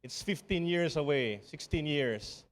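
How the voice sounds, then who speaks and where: A man's voice: on the high side, animated, a little slow. A middle-aged Filipino man giving an earnest, rousing keynote speech at a summit, building his points with repeated refrains and occasional restarts. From Philippines. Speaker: summit speaker. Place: large conference hall. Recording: long hall reverb.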